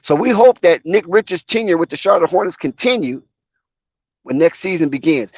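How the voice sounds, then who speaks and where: A man's voice: high voice, expressive, normal speed, dry recording. A man giving opinionated, conversational commentary on a live basketball game. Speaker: sports commentator. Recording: dull lo-fi sound.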